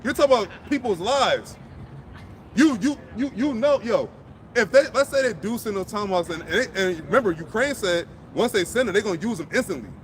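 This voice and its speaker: A man's voice: high voice, lively intonation, a little fast, a little hiss or hum. A man preaching outdoors, blunt and profane, fired up and repeating himself as he drives each point home. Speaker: street preacher. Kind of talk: impassioned outdoor sermon.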